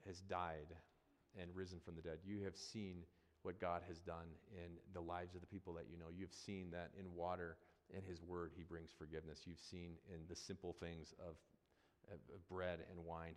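Deep-voiced man preaching in a hall. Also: little pitch movement, moderate pace. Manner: conversational, repeats phrases for emphasis. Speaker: pastor. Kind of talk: sermon.

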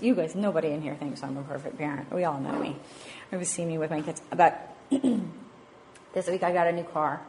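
A mother of five in her thirties gives a chatty, self-deprecating talk on parenting and faith to a church group, laughing often. Her voice is lowish and a little mellow, with slight background noise.

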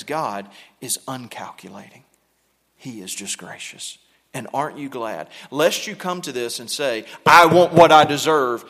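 A male pastor preaching a sermon in a church, moving between hushed, low passages and loud, emphatic pushes. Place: church sanctuary. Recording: long hall reverb.

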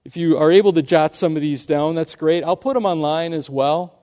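A man's voice: fairly high pitch, normal speed, a little mellow. A man preaching an earnest sermon, telling a story and pressing his points with rising emphasis. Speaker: pastor.

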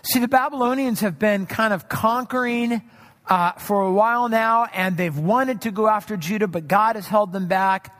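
A man preaching a sermon in a conversational way, acting out quoted voices with shifts in pitch. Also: moderate pace, fairly bright tone, long reverb tail. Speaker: pastor.

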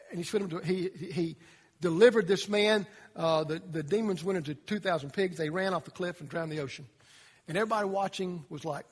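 A male pastor preaching a sermon, telling the story dramatically and dropping to quiet emphasis. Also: high voice, lively intonation, a little fast, breathy edge, long reverb tail.

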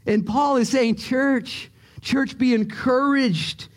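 A man preaching a sermon to a church, animated and joking, with his voice jumping high when he quotes people. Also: slow pace. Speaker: pastor. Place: church service.

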